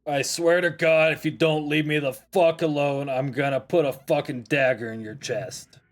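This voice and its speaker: A man's voice: medium pitch, lively intonation, takes it slowly. A man voicing a grumpy, sarcastic male drow pirate who has just been woken up. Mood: angry. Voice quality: gruff, cursing, sarcastic. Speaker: game master voicing a character.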